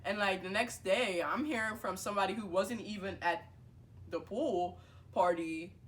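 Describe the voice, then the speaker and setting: A young woman vlogger telling a personal story in a casual, animated way, full of fillers and acted-out dialogue. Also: mid-range voice, moderate pace.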